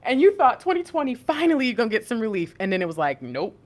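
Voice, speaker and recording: Animated preachy woman on a livestream. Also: a little high, racing. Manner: animated, preachy, talks to chat. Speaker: intuitive reader and livestream host. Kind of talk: livestream spiritual reading, preachy chat.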